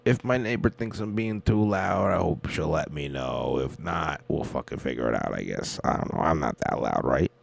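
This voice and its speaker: A man's voice: extremely low pitch, animated, moderate pace, creaky, hardly any pauses. A man hosting a comedy podcast from home at night, rambling and swearing into a close mic. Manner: rambling, profane, self-deprecating. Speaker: podcast host. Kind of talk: casual comedic monologue. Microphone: mic turned up close.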